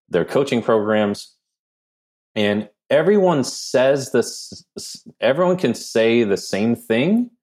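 A man with a New Jersey accent, a podcast guest giving animated, self-deprecating answers in casual conversation. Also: lowish voice. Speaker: podcast guest, brand strategist.

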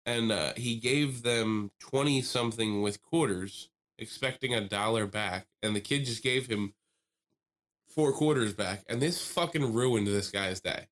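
Young male podcast co-host, lively storyteller, swears a lot, does voices for the people in his stories. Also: mid-range voice, a little slow. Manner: animated storyteller, swears freely, acts out quoted people. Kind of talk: casual chat.

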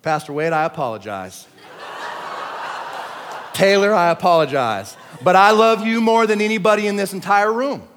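A man preaching a sermon at a church service, talking in casual slang and swinging between shouting and quiet asides. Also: sits high, normal speed, pauses often, slight background noise. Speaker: pastor. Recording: long church hall reverb.

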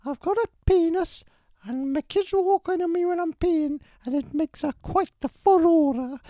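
A man putting on a shrill falsetto voice as Mrs Doubtfire, an elderly female nanny, loud and over the top. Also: unhurried, no echo, studio quality. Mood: hammy. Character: cheery elderly female nanny, prim and hammy.

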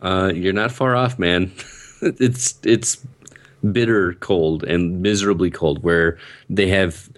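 A man with a very low voice talks in an easygoing way. He explains things slowly and at length in a relaxed chat. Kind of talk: casual chat.

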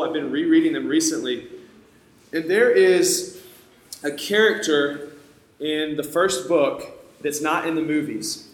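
Conversational male preacher, slightly high voice, roomy echo, talks right to the crowd. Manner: conversational, addresses the audience directly. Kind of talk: sermon storytelling. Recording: echoey room.

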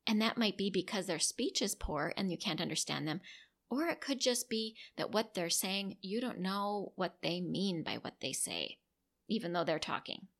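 A middle-aged woman talks parents through coping tips at an unhurried, patient pace. Her voice sits at an ordinary middle pitch, and she slips into soft sample lines meant for a child. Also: expressive. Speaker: parenting educator. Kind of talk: instructional talk to parents.

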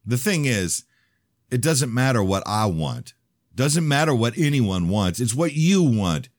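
A man's voice: mid-range voice, sing-song, a little slow, no echo, studio quality, pitched above the performer's own voice. A man voicing a brash, cynical young man in an audiobook, blunt and mocking. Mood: sneering. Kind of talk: audiobook reading.

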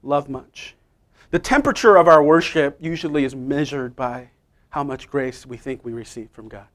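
A male pastor preaching a sermon, emphatic and playful, swinging from quiet asides to loud stresses. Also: mid-range voice, moderate pace.

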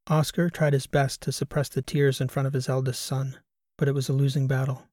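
A man narrating a science fiction audiobook in a steady, even storytelling manner. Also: medium pitch, fairly quick, dry recording, clean studio sound. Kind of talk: scripted narration.

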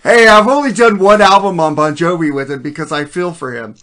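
A man's voice: high voice, brisk, bright, forceful tone. A man hosting a podcast in casual banter, laughing often and swearing while ribbing his co-host.

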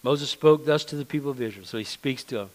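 Male preacher, mid-pitched, conversational sermon, earnest and repetitive. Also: fast talker, poor audio. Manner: conversational, earnest, repeats words when emphasizing.

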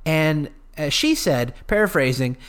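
Solo podcast host, male, fairly high voice, earnest and opinionated, rambles through fillers. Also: lively intonation, unhurried, clear, resonant tone.

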